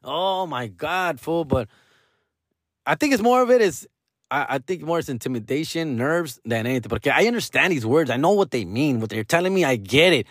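A young man with a Chicano accent, switching into Mexican Spanish slang as he vlogs to viewers, profane and animated. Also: a little high, a little fast, dry recording, clean studio sound. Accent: Chicano, English mixed with Mexican Spanish slang. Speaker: vlogger taking acting classes. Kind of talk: casual monologue to viewers. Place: small dim room with a lamp.

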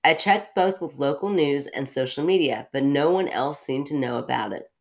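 A woman's voice: very deep voice, normal speed, a little mellow. A woman hosting a podcast who reads a story aloud and breaks off into chatty, self-mocking asides. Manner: chatty, self-interrupting, laughs at herself. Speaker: podcast host reading a story.

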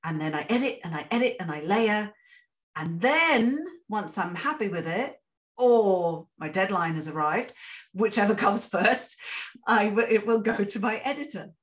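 Woman, author guest, casual chat, self-deprecating, laughs easily, mid-pitched voice. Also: expressive, measured pace. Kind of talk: casual interview talk.

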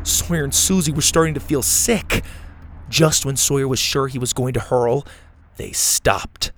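Man calmly narrating a kids' adventure. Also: medium pitch, measured pace. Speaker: storyteller. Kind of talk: scripted narration of a children's adventure story.

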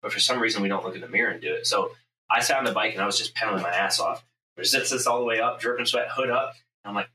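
A podcast host and business owner tells a story in casual chat, speaking very fast in a lowish, bright, forceful voice. He's intense and profane, acting out his own inner voice. The recording has an echoey room, a distant mic, and faint ambient noise.

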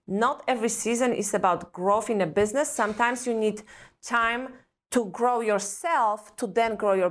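A woman with an Eastern European accent, a guest on a podcast, speaking earnestly and reflectively in a string of rhetorical questions. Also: fairly high pitch. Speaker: guest expert on parenting and trauma. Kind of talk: podcast conversation.

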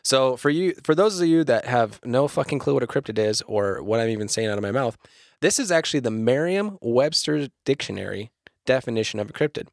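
A man co-hosting a podcast among friends, loose and profane, laughing easily. His pitch jumps around a lot. The sound is dry and close. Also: lively intonation, fairly quick, gravelly, dry recording. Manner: swearing, laughing, playful. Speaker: podcast co-host leading the episode. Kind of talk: casual podcast chat.

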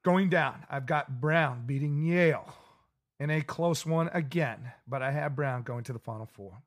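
A man's voice: mid-range voice, a little slow. A man co-hosting a casual sports podcast, running through his tournament picks in a loose, chatty way. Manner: loose and chatty, with laughs and acted-out quotes. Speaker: podcast co-host.

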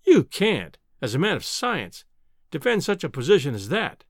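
Expressive male audiobook narrator, fairly high voice. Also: dry recording. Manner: expressive, measured storytelling. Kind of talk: scripted narration.

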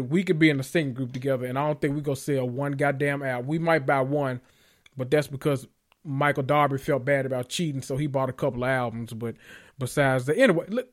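A man hosting a reality TV recap, rambling in sassy, profane commentary and laughing at his own jokes. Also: medium pitch. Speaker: host of a reality TV recap show.

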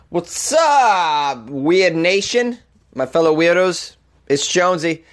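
High-voiced man with a Boston accent. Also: very animated, slow pace, a bit bright. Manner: playful, swearing, self-mocking. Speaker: comedy podcast host. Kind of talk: casual announcement.

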